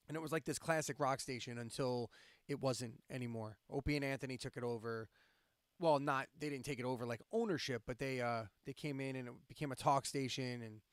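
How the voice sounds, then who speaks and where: Brief: male stream host from central Pennsylvania, high voice, dead-dry sound, rambling rants with swearing. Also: no room sound. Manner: ranting, profane, sarcastic. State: insomniac, drinking coffee late at night. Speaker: live-stream host and radio DJ. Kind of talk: casual chat.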